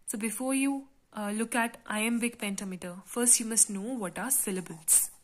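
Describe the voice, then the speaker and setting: A woman teaching a literature class, explaining step by step in a patient lecture style with frequent pauses and fillers. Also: a little high.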